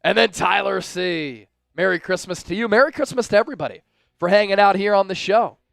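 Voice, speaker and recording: Male fan livestream host, high gravelly voice, excitable, shouts at big plays, faint music behind. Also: a little fast, no room sound. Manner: chats directly with viewers. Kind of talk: live watch-along commentary.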